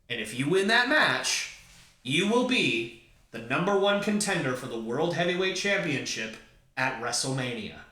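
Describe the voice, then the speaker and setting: A man voicing a calm male wrestling authority figure who lays out a deal in a firm, measured way. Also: on the high side. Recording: roomy echo, far from mic.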